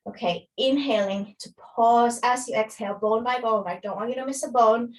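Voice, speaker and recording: A woman's voice: on the high side, distant mic, low-quality recording. A woman fitness instructor, a little out of breath, guiding a workout and counting reps with encouragement.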